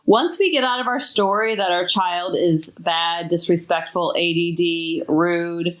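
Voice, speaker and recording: A woman's voice: lowish voice, a little slow, fairly bright tone. A woman hosting a parenting podcast, talking in an emphatic, enthusiastic way. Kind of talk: podcast talk.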